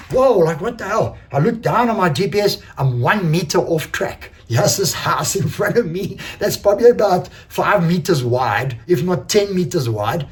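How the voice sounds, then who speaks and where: A man, an enduro racer casually recounting a race, animated, swearing freely and acting out quoted exchanges. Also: on the high side. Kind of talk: casual race recap storytelling.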